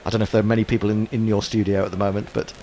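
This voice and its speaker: A man's voice: fairly low pitch, flat delivery, rapid-fire, warm tone, slight background noise. A man co-commentating on cricket, reading listener messages aloud and laughing a lot. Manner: laughs often, reads tweets aloud. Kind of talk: casual commentary chat.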